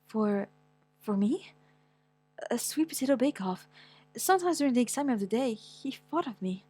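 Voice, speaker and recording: A young woman reading a manga aloud with dramatic, stammering delivery and wailing outbursts. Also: no echo. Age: young adult. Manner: animated, quick pitch swings, stammers, whiny wails. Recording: dry close mic with faint music.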